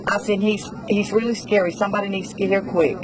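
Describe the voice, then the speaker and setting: A woman, a convenience store clerk recounting her story for a news interview. She tells it in an animated way, acting out each line of dialogue. The field recording carries clear background noise. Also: medium pitch, quick pace.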